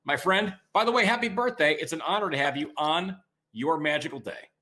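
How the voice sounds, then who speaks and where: Guy hosting a chat show over drinks, bright voice, dry jokey quips. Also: fairly high pitch. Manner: dry, joking, quick quips. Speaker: host. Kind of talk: casual interview over drinks.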